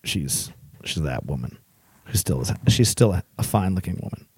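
A man's voice: deep voice, lively intonation, moderate pace, a little mellow, husky, dry recording, studio quality. A man co-hosting a podcast in casual, rambling, enthusiastic chat with crude jokes. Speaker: podcast co-host.

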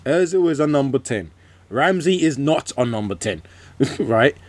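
A man's voice: medium pitch, big pitch swings, measured pace. A man co-hosting a football podcast, giving firm, explanatory opinions in casual banter. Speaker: podcast co-host.

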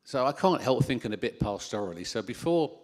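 Animated man preaching a sermon. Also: medium pitch, brisk. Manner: animated, rising with emphasis, self-deprecating asides. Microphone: handheld microphone.

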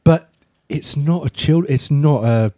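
A man's voice: a little high, unhurried, mellow, no room sound, clean studio sound. A man chatting casually as a podcast co-host reviewing a film, rambling and restarting his sentences.

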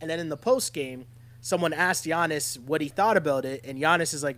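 Guy cohosting a sports podcast, kinda high voice, chatty and animated. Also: a little fast. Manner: animated, keeps checking in with "right?". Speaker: podcast co-host. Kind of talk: casual sports chat.

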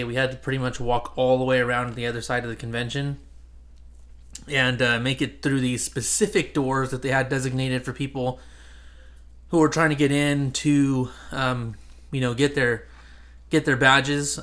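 Male podcast host, mid-pitched, rambling casual delivery with lots of fillers. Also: sharp tone. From Central California. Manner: rambling, many fillers and restarts. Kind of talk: casual chat.

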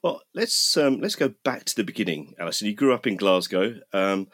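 A man hosts a relaxed interview. He asks his questions gently, with a sympathetic, easygoing manner. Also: on the low side, fairly quick. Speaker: interviewer, host.

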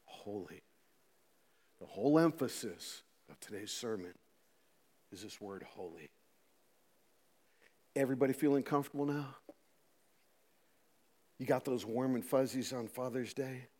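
Middle-aged pastor preaching in a reverberant church. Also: male voice, medium pitch, normal speed, long pauses. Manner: animated, swinging between loud emphasis and quiet asides, many rhetorical questions. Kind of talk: sermon. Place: church sanctuary. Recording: long reverb of a church hall.

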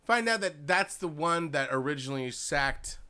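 A man in his forties recapping a show with a friend, voice bright and forward, pitch swinging all over the place. He acts out scenes, swears freely and laughs a lot. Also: animated, normal speed, clear, resonant tone. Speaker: podcast co-host. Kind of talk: casual TV recap chat.

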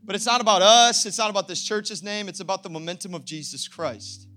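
A young adult pastor delivering an impassioned sermon, often rising to shouting. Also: male voice, sits high, brisk.

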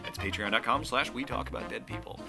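A man's voice: medium pitch, fast talker, over music. A man co-hosting a podcast, chatting casually and joking as he reads the show's plugs and outro. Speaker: podcast co-host. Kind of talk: casual chat.

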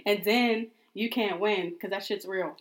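A woman's voice: medium pitch, steady tone, measured pace. A woman co-hosting a podcast in casual chat, insistent and easygoing, swearing casually and laughing often. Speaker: podcast co-host.

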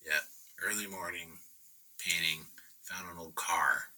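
A man's voice: deep voice, unhurried, low-quality recording. A middle-aged man casually telling a story, acting out other people's lines and often laughing. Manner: animated, acts out quoted voices, laughs often. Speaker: guest painter telling a story.

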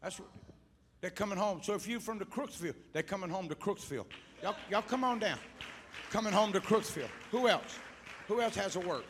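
A male evangelist preaching fervently at a church altar call, shouting one moment and coaxing quietly the next as he calls back and forth with the congregation. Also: high voice, fairly quick, a little hiss or hum. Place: church service before a congregation.

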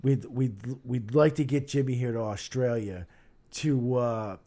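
A man co-hosting a podcast in casual, profanity-heavy chat, excitable and quick to laugh loudly, on a podcast microphone. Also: medium pitch. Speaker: podcast co-host.

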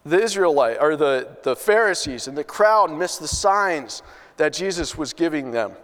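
A man's voice: a little high, expressive, moderate pace, fairly bright tone, big-room sound. A man preaching a sermon, telling a story in an earnest way with many restarts. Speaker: pastor.

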